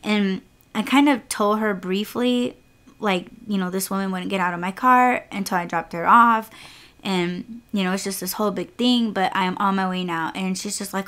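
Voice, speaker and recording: Speaking at an ordinary pace in a mid-range, slightly bright voice, a young podcast host who also drives rideshare vents about an irritating trip. She tells it offhandedly and frankly, swearing without restraint.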